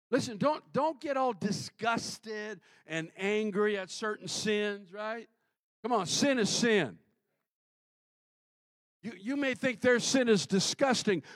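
A male pastor delivers his sermon at an unhurried, deliberate pace. His voice is a touch higher than most men's and moves up and down a lot, rising to loud calls and dropping to quiet asides. The sound is dry and close, with little room echo. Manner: animated preaching, shifting from loud exclamations to quiet asides.

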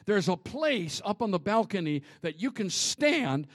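A pastor with a high voice delivers a sermon in a church. He moves between hushed, breathy whispers and loud, ringing shouts as he preaches. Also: sing-song, a little slow. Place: church sanctuary.

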